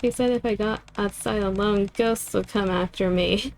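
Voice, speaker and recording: A woman's voice: medium pitch, steady tone, moderate pace, soft background music, close to an everyday voice. A woman voicing a frightened, tearful little girl who is lost in a game story. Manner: small, tearful, shaky.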